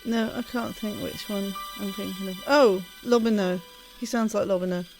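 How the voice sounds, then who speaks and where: A woman's voice: mid-range voice, steady tone, moderate pace, music in the background. Giggly woman playing a game. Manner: chatty, giggly. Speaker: let's-play host. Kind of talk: casual gaming commentary.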